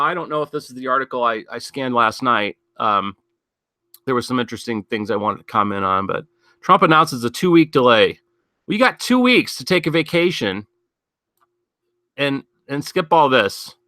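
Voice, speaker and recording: A man's voice: mid-range voice, pushed and bright, no room sound, studio quality. A man hosting a casual news commentary show, rambling and sardonic, thinking aloud with many fillers and asides. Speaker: podcast host.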